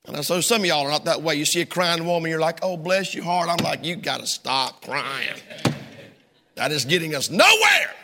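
A male pastor preaching a sermon, swinging his voice widely and breaking into sudden shouts. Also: on the high side, a little fast, vocal fry, hardly any pauses, noisy background. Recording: long hall reverb.

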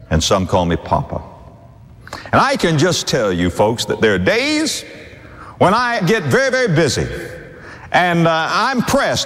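An older male pastor delivers a sermon in a large sanctuary with a long, ringing reverb. His fairly high voice leaps and falls expressively. He shifts between hushed, low storytelling and loud, emphatic declarations. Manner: dramatic storytelling preacher, swinging from soft low asides to loud emphatic lines.

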